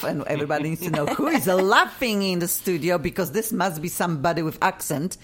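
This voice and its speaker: Effusive radio host, low lively voice. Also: female voice, brisk, a little hiss or hum. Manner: effusive, animated, playful. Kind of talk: casual radio chat. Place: radio studio.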